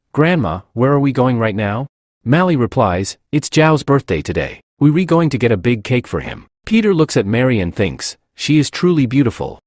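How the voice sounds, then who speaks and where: A man's voice: mid-range voice, a little mellow, dry recording, studio quality. A man narrating a comic recap, reading every character's lines in his own voice.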